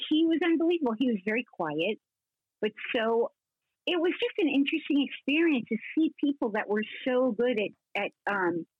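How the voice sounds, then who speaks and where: A woman in her sixties, a guest actress telling rambling, animated stories in a casual interview, full of restarts. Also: on the high side, no echo. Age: 60s. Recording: husky voice over a tinny phone line.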